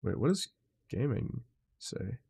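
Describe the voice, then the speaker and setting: A man's voice: mid-range voice, big pitch swings, slow, creaky, warm tone, breathy edge. A man live streaming, frustrated as he fixes his setup, swearing and muttering to himself.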